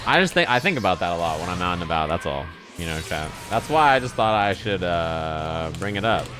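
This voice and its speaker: A man's voice: sits low, sing-song, a little fast, over music. A man rambling and swearing casually to his chat while playing a fighting game live. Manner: profane, rambling, exasperated. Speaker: streamer.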